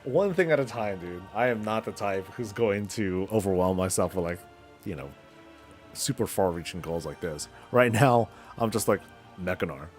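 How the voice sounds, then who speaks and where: A male game streamer with a lowish voice, talking in a relaxed, slangy ramble while he plays. He thinks out loud and drifts from point to point. Soft music plays faintly under him. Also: normal speed. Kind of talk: casual chat while gaming.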